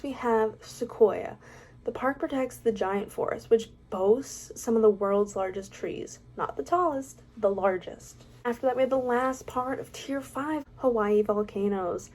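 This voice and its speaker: Reading facts out loud for a laid-back ranking vlog, a young woman tosses in opinionated, self-deprecating, chatty remarks. Her voice is a little high with a darkish tone.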